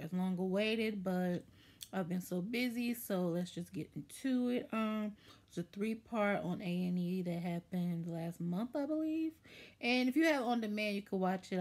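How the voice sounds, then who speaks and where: A woman with a husky, slightly breathy voice talks straight to her viewers, opinionated and sassy. Her pitch sits mid-range but jumps up sharply whenever she stresses a point, giving her chat an animated, emphatic bounce. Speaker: YouTube commentary host.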